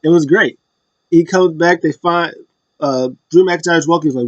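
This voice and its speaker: A man's voice: a little high, moderate pace, no echo. A man giving a casual, rambling recap full of fillers and restarts. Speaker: wrestling recap vlogger. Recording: dull lo-fi dry sound.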